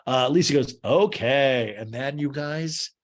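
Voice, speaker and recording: A man's voice: normal speed, husky. A man hosting a podcast in a casual recap, talking with a voice worn from hours of chatting. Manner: animated, jumps into high mocking voices for quotes. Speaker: podcast host. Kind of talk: casual recap with acted quotes.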